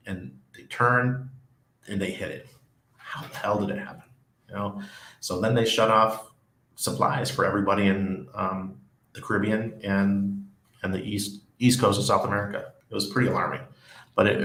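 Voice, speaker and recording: Living in Panama, this livestream host chats casually and reads viewer comments out loud in a rambling manner full of restarts and laughs. His voice is fairly low, steady, and a bit bright at normal speed, heard in an echoey room.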